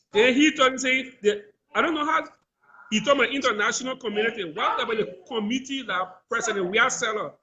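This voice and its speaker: A man's voice: very high voice, sharp tone, slight background noise, low-quality recording. A man calling in to a talk show, arguing indignantly. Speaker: caller.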